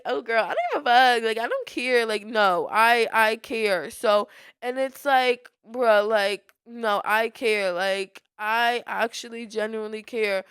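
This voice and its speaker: Teen girl podcaster, venting, filler-heavy, high clean voice, dry close sound. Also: clear, resonant tone, no echo. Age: teens. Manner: frank and fired-up, heavy use of filler like. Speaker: podcast host.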